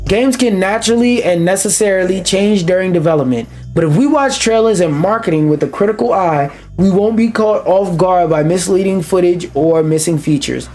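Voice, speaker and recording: A man's voice: sits high, moderate pace, few pauses, a little mellow, soft background music. A young man streaming, reading an article aloud and breaking off into profane, ranting commentary. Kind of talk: casual reaction commentary.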